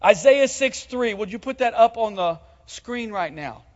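A pastor preaches a sermon in a church hall, his voice sitting high, expressive, and a little slow, as he calls on the congregation to join in and speak. The sound is muffled with a long hall reverb.

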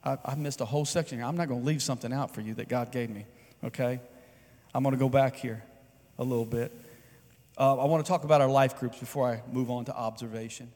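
Pastor preaching in a reverberant hall. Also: male voice, mid-range voice, steady tone, fast, a little mellow. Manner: conversational preaching, asks the congregation to respond. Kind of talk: sermon. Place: church sanctuary. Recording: long reverb in a large hall.

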